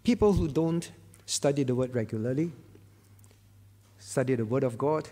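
A man's voice: mid-range voice, moderate pace, mellow, in a large hall. A man preaching a sermon, stressing key words by repeating them and asking rhetorical questions. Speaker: pastor.

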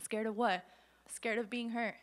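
A woman's voice: on the high side, measured pace. A woman preaching a sermon and telling her own testimony, acting out quoted voices along the way. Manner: personal testimony told with quoted voices, animated.

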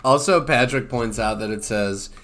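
A man's voice: mid-range voice, moderate pace. Laid-back man giving dry asides. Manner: relaxed, adds dry asides and looks up details. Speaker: podcast co-host. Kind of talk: casual chat recapping a cartoon episode.

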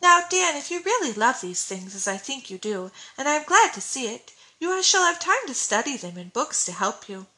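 A woman voicing a gentle motherly schoolmistress. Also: sits high, sing-song, moderate pace, few pauses, voice pushed up, full character voice. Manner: gentle, warm instruction.

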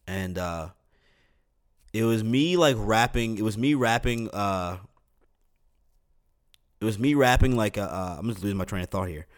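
A man's voice: lowish voice, a little slow, pauses often. A young man hosting a podcast alone, rambling casually with lots of fillers, restarts and swearing. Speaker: podcast host. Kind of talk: casual solo podcast rant.

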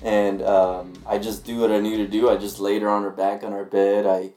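A man telling a story in a casual podcast chat, calm and halting, with many restarts. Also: on the low side. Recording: roomy, echoey room.

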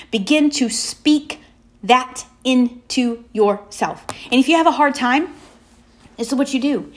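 A woman delivers a faith-based motivational message in a slightly high voice. She leans on emphatic, repeated affirmations and slows down with deliberate pauses to let each point land. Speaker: motivational speaker.

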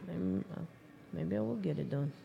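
A speaker at an average pitch talks in a reflective, candid way during a casual chat. Faint background noise runs under the voice. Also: moderate pace, creaky, dull audio. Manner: reflective, candid, speaks openly about recovery and faith.

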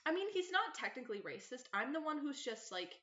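A woman's voice: sits high, sing-song, brisk, fairly bright tone. A young woman, a theater student, chatting casually as a podcast guest and explaining at length with many fillers. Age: young adult. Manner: friendly, rambling explainer with fillers. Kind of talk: casual chat. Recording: roomy, dull lo-fi sound.

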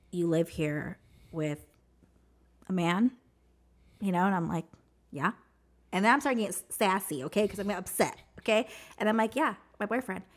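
Woman guest, interview; slightly low voice, animated storytelling full of "like", acts out other people's lines. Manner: animated, says "like" a lot, acts out what others said. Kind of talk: personal storytelling in casual conversation.

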